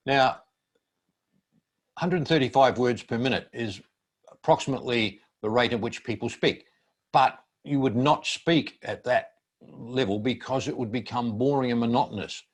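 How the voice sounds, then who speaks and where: An older man teaching a student seminar, explaining speaking skills in a measured, instructive way. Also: medium pitch. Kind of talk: seminar presentation.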